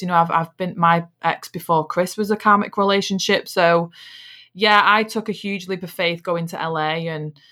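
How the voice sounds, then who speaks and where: A woman's voice: lowish voice, fairly bright tone. A young Englishwoman, hosting a podcast in a casual, chatty way, often restarting phrases and dropping in "like" and "you know.". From England. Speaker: podcast host. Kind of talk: casual personal chat.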